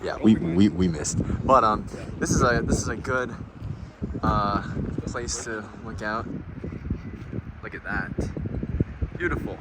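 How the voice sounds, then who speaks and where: A man's voice: fairly low pitch, slow, pauses often. Young man vlogging outdoors in heavy wind. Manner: chatty, upbeat, talking to camera. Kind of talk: casual travel vlog narration. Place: outdoors, windy desert trails and lookouts. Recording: loud wind noise on camera mic.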